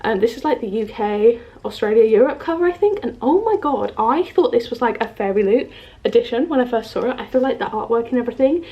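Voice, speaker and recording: A fairly high-pitched, animated young woman from the UK, in her twenties, vlogs about books from her home, seated by a bookshelf. She speaks a little fast, chatting casually to camera with lots of "like" and "um" in a bubbly way. The recording is muffled.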